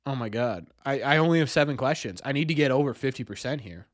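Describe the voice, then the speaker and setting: A man's voice: mid-range voice, expressive, quick pace, no room sound, studio quality. A young man streaming, thinking aloud through a quiz and mocking himself when he gets answers wrong. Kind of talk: live stream chat.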